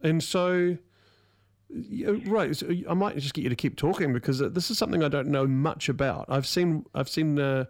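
A man's voice: a little high, moderate pace, creaky, darkish tone, dry recording, studio quality. A man hosting a radio show, chatting casually and rambling a bit as he introduces his guest. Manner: chatty, self-deprecating, rambling. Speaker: radio host.

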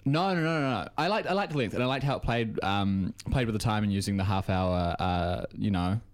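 A man's voice: on the low side, fairly quick. A young man from New Zealand chatting enthusiastically as a podcast panelist, with lots of fillers. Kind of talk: casual chat.

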